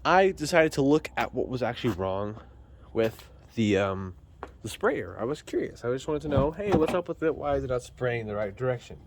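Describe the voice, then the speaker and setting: A vlogger fixing a car in his garage films on a handheld phone and chats casually, rambling and poking fun at himself. His mid-range voice has lively intonation at a moderate pace, with a little hiss or hum.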